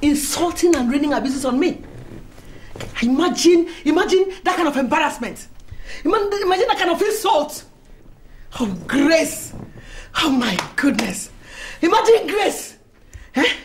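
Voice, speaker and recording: An actress with a Nigerian accent playing a proud, domineering society lady who rages and shouts at her rivals. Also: sits high, expressive, a little slow, slight background noise. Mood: indignant. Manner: shouting, indignant, theatrical outbursts. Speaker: actor in a film. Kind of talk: melodramatic film acting. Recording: echoey room with music underneath.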